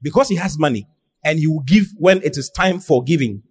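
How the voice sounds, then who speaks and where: A man's voice: fairly high pitch, a little fast, darkish tone, husky. A man preaching a sermon, emphatic, repeating phrases and firing rhetorical questions at the congregation. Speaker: pastor.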